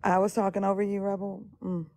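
Raspy, sick woman host, gravelly fry, dry close sound, teasing and laid-back. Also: medium pitch, flat delivery, brisk, a little mellow, no room sound. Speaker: live stream host. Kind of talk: casual chat.

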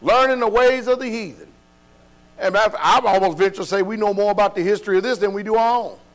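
A man teaching a Bible study in an emphatic preaching cadence. His voice sits fairly high, and he keeps asking his listeners rhetorical questions. A low electrical hum runs under the recording. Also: quick pace. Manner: informal speech with dropped verbs.

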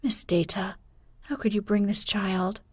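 A woman reading the part of a stern, indignant housekeeper in a slow, soft bedtime storybook voice. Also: mid-range voice, fairly even intonation, breathy edge, no echo. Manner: severe, questioning.

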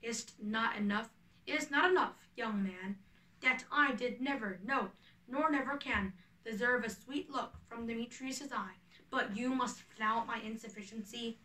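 A lovesick, spurned young woman, read by a woman in earnest verse. The voice is bright and slightly high, with the mic a little distant. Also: a little slow, reverberant. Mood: pleading. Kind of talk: reading a play aloud.

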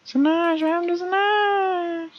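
A sick man putting on a strained falsetto to voice a frightened, confused young girl in a video game. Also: steady tone, measured pace, dull audio. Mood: bewildered. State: sick, sore throat.

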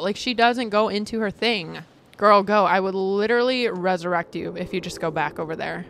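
A woman giving casual, excitable commentary over her own gameplay, chatting with viewers and reacting dramatically. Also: mid-range voice. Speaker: gaming video creator.

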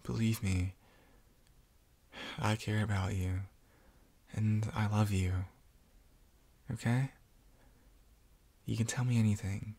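A man in a whispered role-play, speaking gently and reassuringly as a supportive roommate. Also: lowish voice, fairly even intonation, slow, gravelly, pauses often, no room sound. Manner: gentle, reassuring, soft-spoken. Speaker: ASMR roleplayer.

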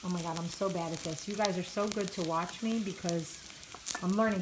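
Frying at the stove of her home kitchen, a woman vlogger talks casually to her viewers, full of fillers and self-deprecating remarks, in a fairly low, steady voice at a slightly fast pace. A pan sizzles loudly, and the poor audio carries a little hiss or hum.

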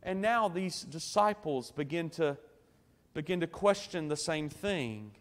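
Male pastor, sermon, slightly high voice, earnest emphatic delivery, reverberant church sanctuary. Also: animated. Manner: earnest preaching with slow emphatic phrases and soft drops. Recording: long church hall reverb.

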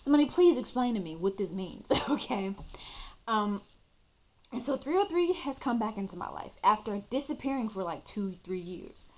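A woman's voice: medium pitch, normal speed. Chatty woman telling a spiritual story. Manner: chatty, expressive, addresses viewers as y'all. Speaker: YouTuber. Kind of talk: casual storytelling to camera.

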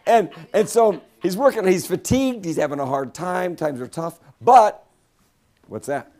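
A fairly high-voiced man preaches in a church sanctuary, joking with the congregation. His delivery is lively and bouncy, with big swings in pitch. He keeps it playful and talks straight to the people in the pews. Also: normal speed. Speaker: guest preacher. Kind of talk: humorous sermon with audience interaction.

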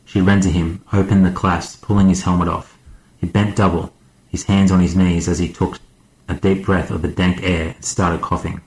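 Deep-voiced male audiobook narrator. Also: reverberant, slight background noise, low-quality recording. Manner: measured, steady reading. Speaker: guest narrator.

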